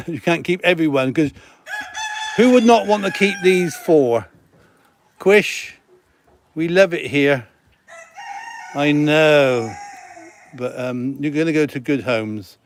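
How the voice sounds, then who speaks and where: A chatty middle-aged man with a slightly high voice, talking casually outdoors on a farm. He giggles and slips into cooing baby-talk for the animals. Chickens and birds cluck in the background. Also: slight background noise. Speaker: farm centre host. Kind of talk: casual live stream chat with animals.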